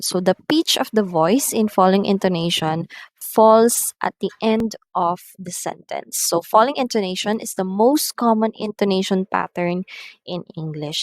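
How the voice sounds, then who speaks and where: A woman giving a recorded English lesson, explaining slowly and deliberately and reading out numbered example sentences. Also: lowish voice, no room sound, rough recording. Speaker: English teacher. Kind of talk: recorded online lecture.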